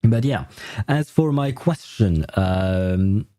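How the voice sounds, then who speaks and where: A man's voice: fairly low pitch, expressive, slow, dark tone, dry recording. A man whose first language is French, chatting in a rambling way as a game streamer on a livestream and laughing often. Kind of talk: casual livestream chat.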